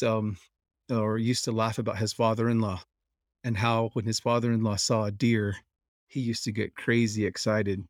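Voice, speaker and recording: A middle-aged man telling lively stories about his late father, acting out the voices he quotes. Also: medium pitch, no echo, studio quality. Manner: animated, quick to act out quoted voices. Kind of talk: personal storytelling.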